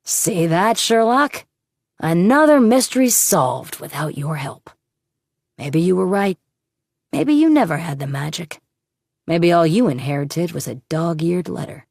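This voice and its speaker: A smug male villain read by a woman narrator taunts in a low, gravelly voice. He speaks slowly, coldly and mockingly, and the recording is close and dry. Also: lively intonation, no echo, full character voice. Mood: menacing. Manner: cold, mocking, softly menacing. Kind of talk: audiobook character reading.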